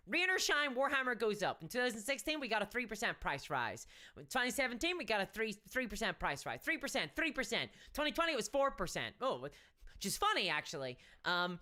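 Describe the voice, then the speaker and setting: A woman's voice: on the high side, pushed and bright. An Irish woman hosting a casual live stream, chatty and wry, with frequent restarts. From Ireland. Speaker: miniatures channel host.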